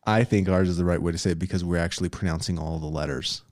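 A man's voice: low voice, steady tone, fast, darkish tone, no echo, studio quality. A young man co-hosting a casual podcast, reading listener letters aloud in a playful, teasing way. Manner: playful, teasing, laughs often. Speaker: podcast co-host.

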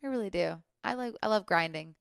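A woman's voice: medium pitch, fairly quick, gravelly, dry recording, clean studio sound. A woman from the Midwest in her thirties, a guest in a casual chat, talking freely with lots of fillers and restarts. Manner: chatty, many fillers and restarts. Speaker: podcast guest.

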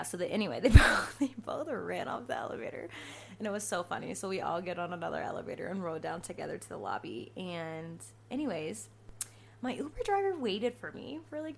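A woman in her twenties hosting a podcast, telling stories in a casual, profane, animated way. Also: fairly low pitch, vocal fry, slight background noise. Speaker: podcast host. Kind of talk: casual storytelling monologue.

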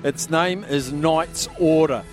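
A man's voice: a little high, takes it slowly, faint music behind. An Australian man hosting a live radio call-in sweepstake from a pub, speaking up over the noise. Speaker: radio host.

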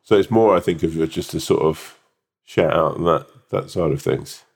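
A young man with a very low voice chats on a podcast. He talks animatedly and swears, and he keeps slipping into quick impressions of other people. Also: vocal fry. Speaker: podcast co-host. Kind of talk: casual chat.

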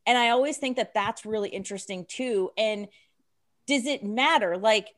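A woman's voice: fairly high pitch, normal speed. A woman co-hosting a podcast, asking the guests long, rambling questions in a casual chat. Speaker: podcast co-host.

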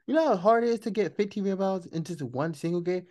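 A woman's voice: fairly low pitch, animated, fast talker, mellow. A woman podcast host, ranting about sports in a casual, profane, emphatic way and firing off rhetorical questions.

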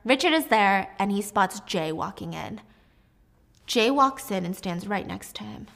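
A woman's voice: medium pitch, expressive, a little slow, gravelly, a bit bright. A woman casually recapping a drama story with chatty, sarcastic asides.

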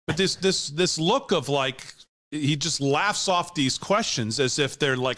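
A man's voice: a little high, lively intonation, a little slow, pushed and bright. A man hosting a talk show, giving heated, scornful political commentary and laughing often.

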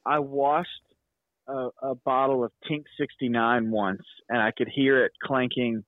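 A man's voice: mid-range voice, steady tone, no room sound, narrow, tinny audio. A man hosting a podcast, chatting casually with stammering restarts. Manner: quick reactions, stammering restarts. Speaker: podcast host. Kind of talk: casual chat.

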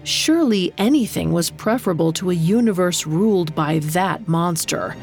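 A woman narrator reading a scripted myth in a measured, dramatic storytelling manner. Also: lowish voice, lively intonation, a little mellow. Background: faint music.

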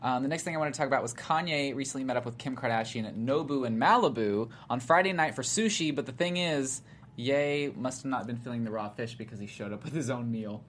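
A woman's voice: very deep voice, fast. A woman co-hosting a casual celebrity gossip chat, chatty with lots of fillers. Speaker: co-host. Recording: faint background noise.

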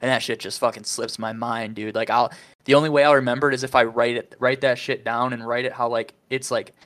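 A man's voice: mid-range voice, little pitch movement, fairly quick, a bit bright. A man hosting a podcast in a loose, rambling way, swearing casually and laughing often. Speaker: podcast host.

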